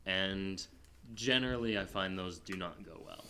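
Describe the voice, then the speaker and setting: A man co-hosting a film podcast, talking in a rambling, casual way with many fillers and sudden animated bursts. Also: low-pitched, unhurried, a little hiss or hum. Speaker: podcast co-host. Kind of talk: casual film review chat.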